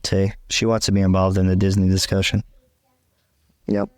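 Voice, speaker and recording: A man in his thirties chatting casually with his wife, a wry, animated storyteller. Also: sits low, normal speed, no room sound. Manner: wry, animated storyteller, self-described non-Disney person. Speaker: co-host, husband. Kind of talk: casual chat.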